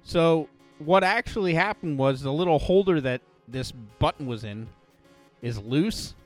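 A man tells stories on a casual podcast. His voice sits a little high and swings widely as he acts out other people and cusses. Faint music plays underneath. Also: unhurried. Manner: animated storytelling, swearing, acting out others in shrill voices. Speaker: podcast co-host. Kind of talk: casual chat.

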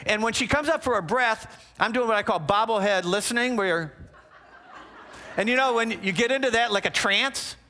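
A man giving a teaching talk on relationships, animated and conversational, with frequent asides to the audience. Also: sits high.

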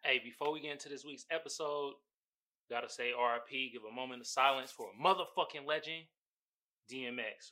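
Talking on his own podcast, this young host keeps it loose, slangy, profane and emphatic. His mid-range voice moves a little fast and has a sharp edge.

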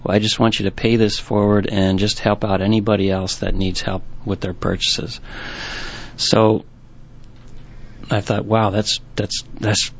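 A man's voice: lowish voice, flat delivery, measured pace. A man who owns a bookstore, telling rambling anecdotes in an interview with many restarts. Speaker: bookstore owner. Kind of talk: storytelling interview. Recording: dull, lo-fi recording.

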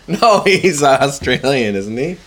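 Slow, lively-pitched man laughing along. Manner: laughs often, trails off mid-sentence. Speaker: podcast co-host. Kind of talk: casual comedic chat.

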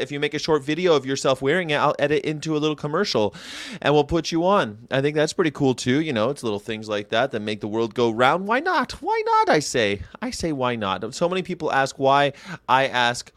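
Man, from Southern California, livestream host, animated, rambling, mid-pitched voice, dry sound. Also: dry recording. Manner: animated, rambling, jumps between jokes and pleas. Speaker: vegan channel host. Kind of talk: casual livestream talk.

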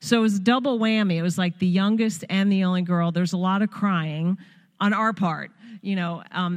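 A woman's voice: mid-range voice, normal speed. Long Island woman speaking in a reverberant sanctuary. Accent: Long Island New York. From Long Island, New York. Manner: earnest, emphatic, spiritual. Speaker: visiting pastor's wife. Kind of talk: church greeting and exhortation.

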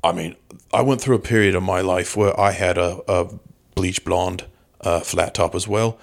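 A man playing a self-important movie star in a comedy podcast bit, with a put-on British accent and a deadpan, self-important manner. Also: deep voice, moderate pace, vocal fry.

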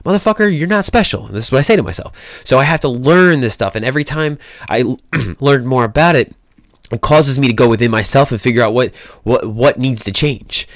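A man's voice: mid-range voice, fairly quick, no echo, clean studio sound. A man who works as a fitness coach, giving a blunt motivational talk, swearing often and repeating himself.

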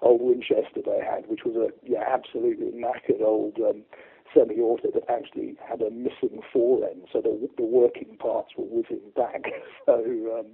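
A man's voice: medium pitch, little pitch movement, normal speed, vocal fry, slightly rough. A man, a guest shooting expert, chatting in a rambling way with many fillers in an interview. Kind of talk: casual interview storytelling. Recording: tinny phone-like line.

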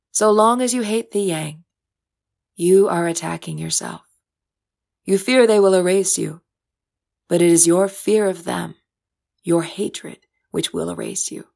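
A woman voicing the gentle ghost of an ancient male shaman, calm and wise, in a storybook reading. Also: fairly low pitch, vocal fry. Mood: earnest.

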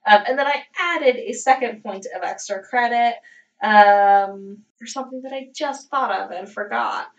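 A woman's voice: medium pitch, normal speed, distant mic, dull audio. Chatty woman, a bit off mic. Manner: chatty, lots of "like" and "um", laughs easily. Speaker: podcast host. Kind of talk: casual chat.

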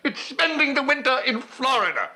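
A pompous Boston major. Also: male voice, very high voice, big pitch swings, normal speed, bright, forceful tone, heavily acted. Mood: exasperated. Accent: upper-class Boston. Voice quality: pompous, clipped and disdainful. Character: pompous upper-class army major, haughty and exasperated. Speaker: army surgeon character. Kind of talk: 1970s TV sitcom acting.

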